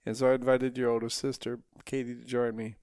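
Gravelly older man telling dry jokes. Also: medium pitch, fairly quick, dry recording. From Minnesota. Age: 70s. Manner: dry teasing humor, relaxed storytelling. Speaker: guest, the host's father. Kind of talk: casual family interview.

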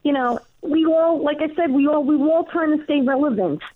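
A woman's voice: sits high, brisk, no echo. A woman with a Queens accent, a comedian and show host, chatting animatedly in an interview from home. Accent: Queens, New York. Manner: chatty and animated, with frequent fillers. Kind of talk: casual interview chat. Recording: tinny phone-like line, dry.

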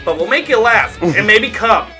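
Animated podcast host man, crude banter. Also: high voice, normal speed, over loud music. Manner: crude, laughs often, animated.

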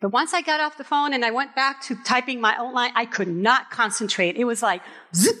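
A middle-aged woman pastor from Puerto Rico, preaching a candid sermon with personal stories and emphatic, drawn-out phrases. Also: fairly high pitch, bright, forceful tone. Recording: reverberant hall.

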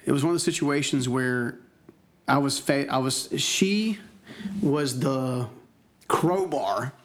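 A man's voice: mid-range voice, slow pace. A man earnestly telling a personal testimony in a conversational interview, reflective and prone to restarting his sentences. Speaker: guest sharing a personal testimony. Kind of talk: conversational storytelling.

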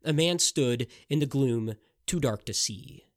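A man narrating a dramatic historical tale in an expressive storytelling manner. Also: mid-range voice, measured pace.

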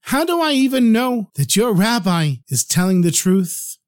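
A man's voice: high-pitched, sing-song, measured pace, darkish tone. A man voicing a proud French nobleman who reacts with disbelief. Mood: incredulous.

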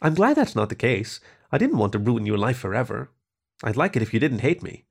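A man voicing a mischievous, eager young girl in a storybook reading, in a raised, excited voice. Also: mid-range voice, fairly quick, creaky. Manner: excited and hopeful.

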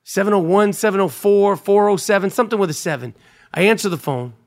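A man with a high-pitched voice talks through a casual solo monologue as a podcast host. He rambles and swears freely. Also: animated, quick pace. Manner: profane, rambling storyteller. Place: New York.

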